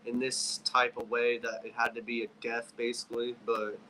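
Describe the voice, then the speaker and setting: A man's voice: medium pitch, completely flat delivery, moderate pace, pushed and bright, a little hiss or hum, poor audio. A man co-hosting a wrestling review podcast, talking in an emotional, rambling casual chat. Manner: emotional, rambling, restarts a lot. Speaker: wrestling show co-host.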